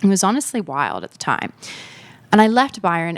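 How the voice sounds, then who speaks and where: Young female podcast host, lowish voice, casual rambling storyteller, dry recording. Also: big pitch swings, normal speed, a bit bright, no room sound. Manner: reflective, chatty, many fillers.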